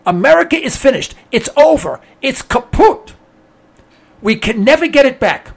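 A man with a very high, gravelly voice rants bluntly and sarcastically. His pitch swings widely as he repeats his points with emphasis. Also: very animated, moderate pace. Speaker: political commentator. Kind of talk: ranting monologue.

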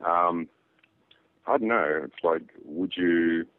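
Deep-voiced aussie guy phoning in, teasing, laid-back, tinny dry phone sound. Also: slow, dry recording. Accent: Australian. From Australia. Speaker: caller. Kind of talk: call-in radio talk.

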